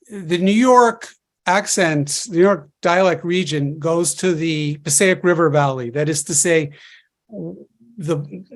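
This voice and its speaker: A man speaking as a linguist guest on a webinar panel, explaining in a hesitant, halting way over a video call. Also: fairly high pitch.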